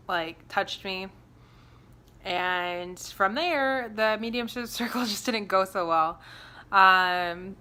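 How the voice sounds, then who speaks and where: Bright-voiced young woman telling a personal story. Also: fairly low pitch. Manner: candid, halting, many fillers and restarts. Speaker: vlogger.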